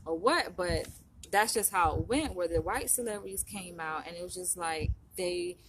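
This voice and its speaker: A young woman vlogs in a loose, rambling way, leaning on fillers as she talks straight to her viewers. Her voice sits on the lower side for a woman. A faint background hum runs under her voice. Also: moderate pace. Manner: chatty, rambling, full of fillers. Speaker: vlogger. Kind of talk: casual chat to camera. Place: in Los Angeles.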